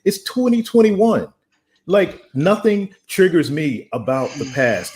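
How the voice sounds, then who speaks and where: A man's voice: fairly high pitch, very animated, slow pace, a little mellow. A man making a heated argument as a guest on an online panel. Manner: emphatic, argumentative. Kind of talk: heated casual debate.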